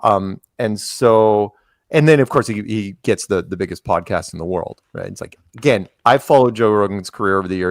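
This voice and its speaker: A man's voice: lowish voice, fairly quick, no echo. A man chatting as a podcast guest, telling rambling stories and acting out quotes from others. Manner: rambling storyteller, acts out quotes. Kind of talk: casual interview chat.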